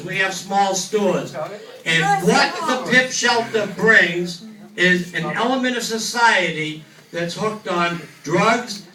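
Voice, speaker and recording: A man's voice: high-pitched, bright, forceful tone. An older man, a state representative, speaking emphatically at a public meeting and repeating his key phrases. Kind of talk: speech at a public neighborhood meeting. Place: large meeting hall with a crowd. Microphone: distant room microphone. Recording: echoey hall, far from the mic, crowd noise.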